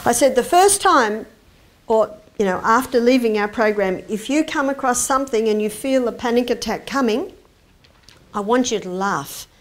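A woman giving a lively health lecture, asking the audience questions and acting out quoted dialogue. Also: a little high, normal speed. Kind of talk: animated public lecture. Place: lecture hall.

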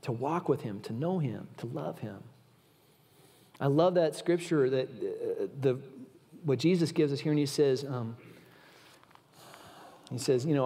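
A man's voice: mid-range voice, normal speed, warm tone. Earnest preacher man in a reverberant hall. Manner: earnest, informal, addresses the audience directly. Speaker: guest preacher. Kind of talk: conversational sermon. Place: large church auditorium. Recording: long reverb of a church hall.

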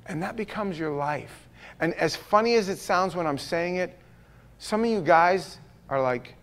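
A man's voice: sits high, lively intonation, unhurried. A man pastor preaching a conversational, jokey sermon, acting out the people he quotes.

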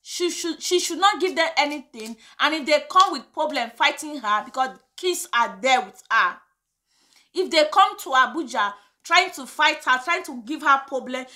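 A woman's voice: high voice, pushed and bright. A woman with a Nigerian accent hosting her own vlog, giving her opinion in an impassioned, indignant way and slipping between English and Pidgin. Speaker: vlogger host. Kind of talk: casual opinion vlog rant.

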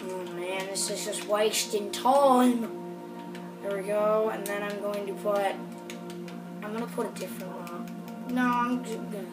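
A woman hosting a gameplay video, chatting casually in a rambling, excitable way and apologising often. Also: medium pitch, a little slow, recorded from a distance. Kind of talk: casual game commentary. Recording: roomy sound from off the mic with music behind.

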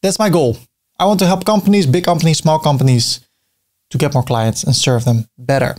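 Relaxed man narrating a software tutorial. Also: a little high, brisk. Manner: relaxed, thinking aloud while clicking. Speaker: web design tutor. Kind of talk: screen-recorded software tutorial.

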